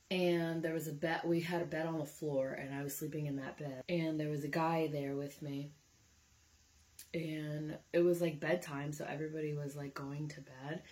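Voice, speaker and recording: A woman's voice: low-pitched, darkish tone. A young woman vlogging casually, chatty and candid and swearing freely as she tells a story.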